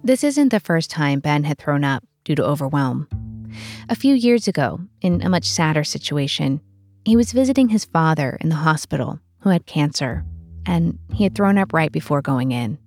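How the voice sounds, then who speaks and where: Expressive woman narrating a documentary podcast. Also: deep voice, normal speed, faint music behind. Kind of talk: scripted narration.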